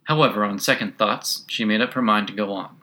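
A man narrating a children's classic as an audiobook, measured and expressive. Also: on the low side.

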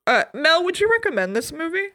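A woman's voice: very high-pitched, big pitch swings, brisk, dry recording. Playful woman podcast co-host. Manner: playful, teasing, jumps between loud outbursts and hushed asides. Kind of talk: casual chat.

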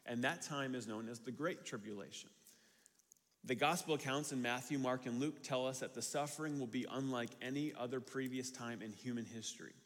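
A man's voice: medium pitch, brisk, fairly bright tone. A man pastor giving a conversational sermon, repeating phrases as he works through a passage. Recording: reverberant hall.

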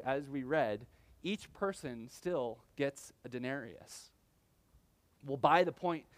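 A young man delivering a sermon on a close, dry mic. His voice sits a bit high, and he talks to the congregation casually, jumping into lively acted-out quotes. The sound is intimate with no room echo. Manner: conversational preaching with animated acted-out quotes. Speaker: pastor.

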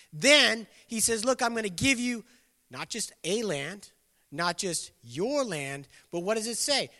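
A man's voice: sits high, sharp tone. A man preaching a sermon in a casual, conversational way, slipping into voices of the people in the story. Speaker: pastor. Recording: long hall reverb.

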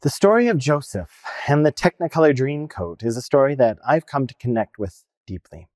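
A non-binary minister with a male-sounding voice of ordinary pitch gives a personal sermon, earnest and reflective as the stories unfold. The voice sits close and dry with no room around it. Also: lively intonation, normal speed, darkish tone, no room sound.

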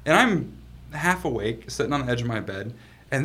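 A man being interviewed as a guest, telling a story in a casual, animated way, laughing often and swearing freely. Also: mid-range voice, moderate pace. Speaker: guest, company founder.

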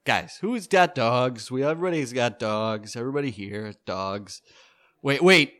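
A man's voice: mid-range voice, expressive, moderate pace, a bit bright, no echo. A man doing an awkward stand-up set on a club stage, rambling and hesitant with many fillers and nervous laughs. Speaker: stand-up comic.

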